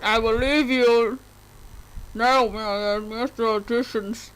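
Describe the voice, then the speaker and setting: A man voicing a sinister male villain who hides behind a disguised voice, read slowly, low and menacing, as a game scene is read aloud. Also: fairly even intonation, a bit bright, smooth, full character voice, rough recording.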